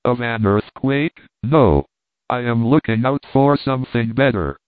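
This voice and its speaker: A man voicing a calm, self-possessed older professor in a storybook reading, recorded with a dry, narrow sound. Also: medium pitch, a little slow, clear, resonant tone, no room sound, lightly acted.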